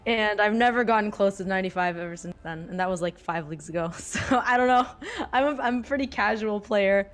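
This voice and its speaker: A woman's voice: mid-range voice, brisk, soft background music. A young woman in her twenties with a sore throat, talking casually as a stream guest, chatty and giggly, full of fillers. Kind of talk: casual chat.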